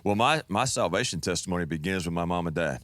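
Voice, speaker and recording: A pastor in his fifties telling his life testimony in a relaxed, folksy storytelling manner. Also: deep voice, quick pace, a little hiss or hum. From Texas. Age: 50s.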